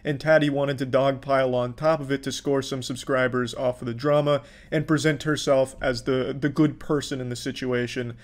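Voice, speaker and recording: A man's voice: medium pitch, steady tone, normal speed, few pauses. A man giving profane, sarcastic commentary, exasperated as he mocks what he has watched. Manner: sarcastic, exasperated, swears freely. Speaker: commentary youtuber.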